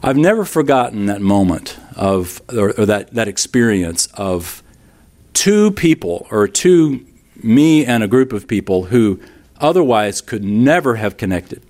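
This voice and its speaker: A man's voice: fairly low pitch, sing-song, a little slow, a little mellow. A middle-aged man preaching a sermon as a pastor, telling stories and acting out the people in them. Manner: storytelling, acting out quoted voices.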